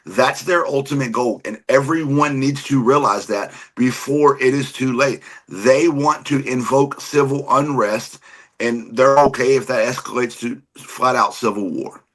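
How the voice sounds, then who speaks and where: A man giving emphatic, heated, profane political commentary with a husky voice. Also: medium pitch, a little slow, a bit bright. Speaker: co-host or guest commentator.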